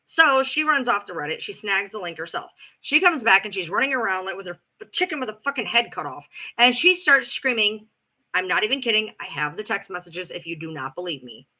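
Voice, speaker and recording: A woman's voice: mid-range voice, brisk. A middle-aged woman telling a long, sarcastic, profane story on her livestream. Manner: animated, profane, sarcastic gossip with acted-out quotes. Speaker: livestream host.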